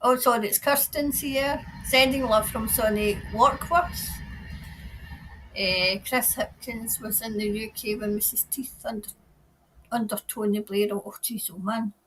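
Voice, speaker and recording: A Scottish woman chats her way through a livestream, reading out viewer comments and greeting people by name. Her voice sits a little high and stays easygoing and unscripted. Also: steady tone, a little slow, a bit bright, slight background noise. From Scotland. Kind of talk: casual livestream chat. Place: New Zealand.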